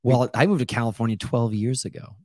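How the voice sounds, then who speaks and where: A man's voice: medium pitch, brisk, no room sound, studio quality. A man hosting a podcast, talking candidly and searching for words in a casual interview. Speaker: podcast host.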